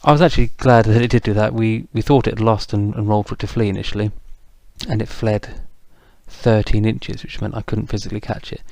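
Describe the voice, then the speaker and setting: A man's voice: on the low side, fairly even intonation, brisk, darkish tone, no room sound. A man casually narrating a tabletop wargame battle report, chatty and self-deprecating, with frequent ums. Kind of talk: casual game recap narration.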